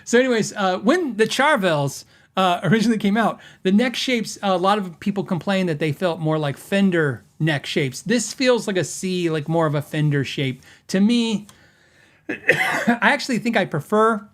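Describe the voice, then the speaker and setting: Middle-aged man, fairly high voice, podcast host, rambling casual chat, many fillers. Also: lively intonation, moderate pace. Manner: rambling, filler-heavy storytelling with laughs.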